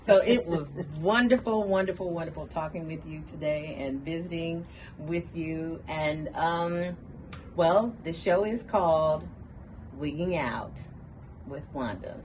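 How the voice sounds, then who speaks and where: Slow-talking woman talk show host. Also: low-pitched, a little mellow, slight background noise. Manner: slow, laughs often, encouraging. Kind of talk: interview show hosting.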